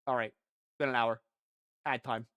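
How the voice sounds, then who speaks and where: A young man streaming a game, chatting casually in a rambling, excitable way, swearing often and acting out silly character voices. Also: medium pitch, moderate pace, no room sound. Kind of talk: casual chat while gaming.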